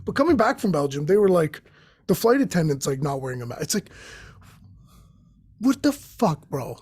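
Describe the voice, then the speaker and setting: High-voiced husky young man ranting. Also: big pitch swings, fast talker, darkish tone, no room sound, clean studio sound. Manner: profane, tangent-jumping, acts out quoted voices. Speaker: host. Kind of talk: rambling comedic monologue.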